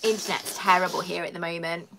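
A woman's voice: on the low side, fairly even intonation, fast talker, gravelly, background noise. A woman from the London area with a southern English accent, hosting a casual live stream from home, chatting in a rambling way and reading viewer comments aloud. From London area, England. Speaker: livestream host.

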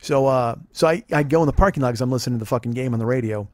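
A man's voice: medium pitch, racing, dry recording, clean studio sound. A man in his forties hosting a podcast, telling rambling, profane comic stories with lots of restarts. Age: 40s. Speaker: podcast host. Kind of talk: casual comedic storytelling.

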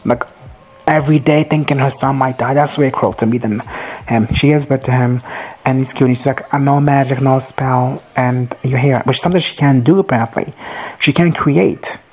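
A man casually recapping a TV episode, rambling, swearing and excitable. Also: medium pitch, moderate pace, breathy edge. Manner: rambling, profane and excitable, often laughing. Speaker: video host reacting to a TV show.

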